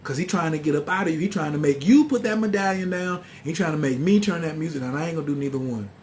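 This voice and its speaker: A man, telling a story in a slangy, animated way. He acts out the other voices as he goes. A faint hiss sits under the recording. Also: on the high side, fast. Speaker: spiritual teacher. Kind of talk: casual storytelling monologue.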